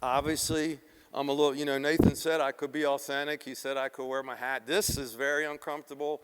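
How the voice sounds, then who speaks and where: A middle-aged man from South Philadelphia giving a live keynote talk, animated and profane, acting out the quotes in his stories. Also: medium pitch, a little fast, clean tone, long reverb tail. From South Philadelphia, USA. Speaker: keynote speaker.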